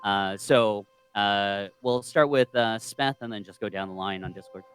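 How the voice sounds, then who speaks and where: A man's voice: fairly low pitch, normal speed, fairly bright tone, clean tone, soft background music. A man hosting a stream, explaining the setup with lots of hesitant ums. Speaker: host.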